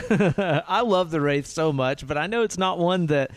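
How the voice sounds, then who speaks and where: A man in his thirties co-hosting a podcast, chatting casually about films, relaxed and swearing often. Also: a little high, measured pace, dry recording. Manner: laid-back, swears often, ends lines with "man". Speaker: podcast co-host. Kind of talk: casual film-review chat.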